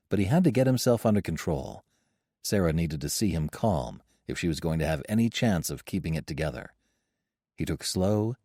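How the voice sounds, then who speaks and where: A man narrating a science-fiction audiobook in an expressive storytelling manner. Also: low-pitched, no room sound, studio quality. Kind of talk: scripted narration.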